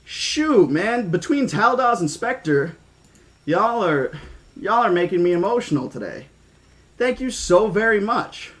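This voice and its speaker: A man reading a novel aloud on stream, chatting excitedly with viewers between passages. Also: sits high, a little slow. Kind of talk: audiobook reading with chat shout-outs.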